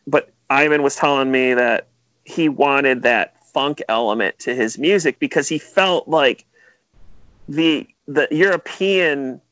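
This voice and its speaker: Here the same kind of speaker, a man who produces music and talks with a Metro Detroit accent, takes things slowly at a medium pitch. He recounts stories animatedly in a casual interview, full of "like" fillers, on a recording with no room sound and missing highs.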